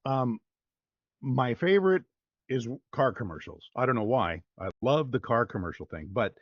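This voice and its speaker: A voice-over artist talking casually in an interview, upbeat and rambling with plenty of fillers. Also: male voice, mid-range voice, very animated, normal speed, no echo, muffled recording.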